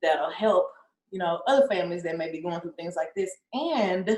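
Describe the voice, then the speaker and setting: Her voice lowish, expressive, and a little mellow, a young female rapper chats at a moderate pace in an easygoing interview. Frequent laughter and constant "like" run through her talk, which echoes in the room.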